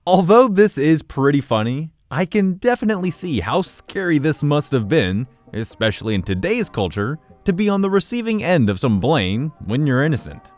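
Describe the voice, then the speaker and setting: Animated male storyteller. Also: a little high, normal speed, hardly any pauses, soft background music. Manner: lively, expressive storytelling. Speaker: story narrator. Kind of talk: reading Reddit stories aloud.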